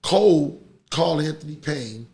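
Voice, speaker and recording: A man's voice: fairly high pitch, animated, a little slow, a little mellow. A middle-aged man, hosting a podcast in casual, heated chat and ranting animatedly. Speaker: podcast host.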